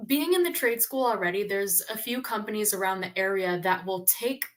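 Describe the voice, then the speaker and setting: A woman's voice: medium pitch, a little fast. Chatty young woman telling a story. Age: 20s. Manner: animated storyteller, chatty with frequent fillers. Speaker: podcast guest, tradeswoman. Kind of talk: casual interview storytelling.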